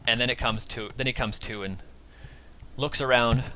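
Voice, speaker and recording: A man narrating as game master of a tabletop game in a casual, halting way. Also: mid-range voice, steady tone, sharp tone.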